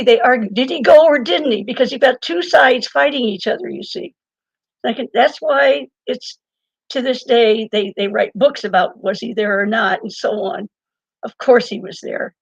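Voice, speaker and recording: Older woman, interview guest, storytelling, higher pitch, husky, gravelly, laughs mid-story, dull lo-fi dry recording. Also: normal speed, dry recording. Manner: lively, laughs mid-story, many restarts. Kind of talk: conversational storytelling.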